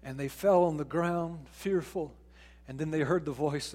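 High-voiced man preaching a sermon. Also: unhurried. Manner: preaching with wide swings from hushed to loud; acts out quoted voices, putting on an excited high voice. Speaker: pastor.

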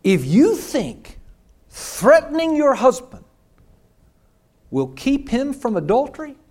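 A man's voice: very high-pitched, big pitch swings, slow, darkish tone. A male pastor preaching a sermon, telling a personal story in an emphatic, conversational way.

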